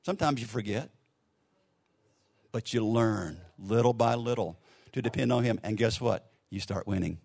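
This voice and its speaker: A man preaching a sermon, telling a story in a casual, conversational way, dropping to a soft hush for gentle lines and leading a closing prayer. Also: on the low side, normal speed, creaky, pauses often, breathy edge. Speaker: pastor.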